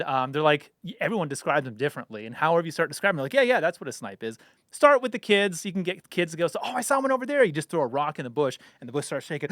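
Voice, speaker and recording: A man from the United States, animated and quick to laugh, trading stories on a podcast. His voice sits a bit high for a man. The sound is close and dry, with no room echo. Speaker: podcast co-host. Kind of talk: casual chat.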